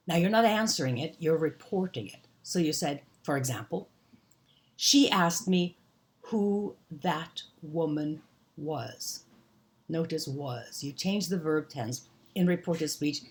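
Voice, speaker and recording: A woman teaching an English grammar lesson, explaining examples slowly and deliberately. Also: sits low, a little mellow. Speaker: ESL teacher.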